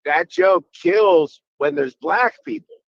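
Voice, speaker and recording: A man telling crude stories in a loose podcast chat, quick to jump into other voices. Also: on the high side, no room sound, dull audio. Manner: crude, animated storytelling with quick voice switches. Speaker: guest comedian.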